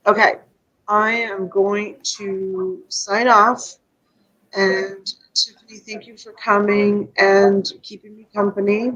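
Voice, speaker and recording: A woman's voice: medium pitch, highs cut off. Tearful woman hosting a live chat. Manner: emotional, rambling, reads out viewer comments. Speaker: live stream host.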